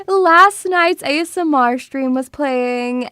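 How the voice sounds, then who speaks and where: Woman, streamer, bubbly, teasing, unhurried pace, high voice. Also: pushed and bright, no echo, studio quality. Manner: bubbly, teasing, calls viewers sweeties. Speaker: VTuber streamer. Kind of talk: casual stream chat.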